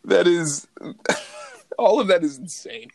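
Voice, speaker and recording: A man's voice: high-pitched, slow, creaky. A man co-hosting a casual chat, reacting with laughs and short exclamations.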